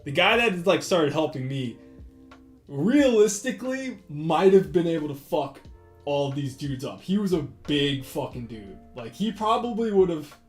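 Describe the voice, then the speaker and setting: A man's voice: on the high side, a little slow. A man telling a rambling, profane anecdote in casual chat while he draws, full of fillers and retold dialogue. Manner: profane, rambling, animated retelling with many fillers. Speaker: artist hosting a drawing stream. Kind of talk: casual storytelling while drawing. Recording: roomy echo with faint guitar music.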